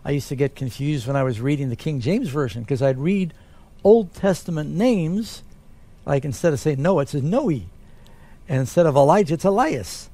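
Man, pastor, slightly high voice, relaxed conversational explaining. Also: moderate pace. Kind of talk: Bible question and answer talk.

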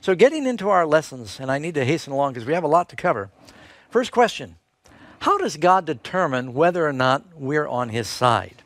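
A man teaching a Bible lesson in sermon style, retelling stories and rising sharply in pitch when he stresses a point. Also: big pitch swings, brisk, a bit bright, no room sound.

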